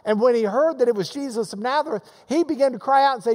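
A pastor delivers a sermon in a high, bright voice. He preaches with animation and acts out the voices of the people in his readings. A long reverb from the hall trails behind him. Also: fast.

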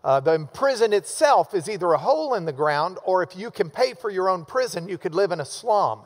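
A high-pitched man teaches a church Bible class. He talks conversationally and keeps circling back and restarting his sentences. The sound carries a long reverb from the church room. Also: lively intonation, brisk. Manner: conversational, with frequent restarts and repetitions.

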